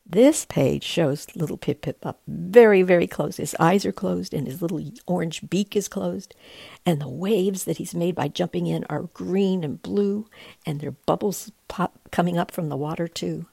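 Gentle, husky-voiced woman reading aloud. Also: fairly low pitch, moderate pace, no echo. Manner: gentle, soothing, often breathy and hushed. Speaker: reader of children's books. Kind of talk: reading picture books aloud with picture descriptions.

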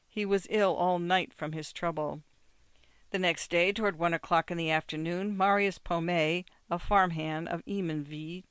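A storyteller reading literary short stories at an even, measured pace. The voice is smooth and clear, and the recording is close and dry with no room sound. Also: medium pitch, no room sound. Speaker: narrator. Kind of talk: scripted narration of short stories.

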